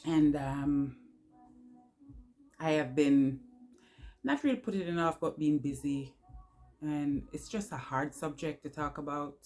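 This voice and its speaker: A woman vlogger talking to her viewers while crying, halting and emotional, with many pauses and fillers. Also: deep voice, darkish tone. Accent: New York. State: tearful, crying. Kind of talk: personal vlog confession.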